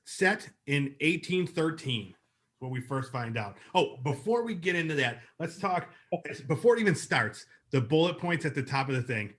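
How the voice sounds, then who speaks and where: A man's voice: on the high side, big pitch swings, moderate pace, a bit bright. A man co-hosting a podcast, reviewing a TV episode in a chatty, upbeat way with lots of fillers. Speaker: podcast co-host. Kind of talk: casual review chat.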